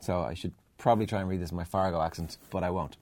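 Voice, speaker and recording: A man's voice: low-pitched, steady tone, fast, darkish tone. A man hosting a podcast, reading out a listener email with dry asides. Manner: reads aloud with dry asides. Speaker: podcast host.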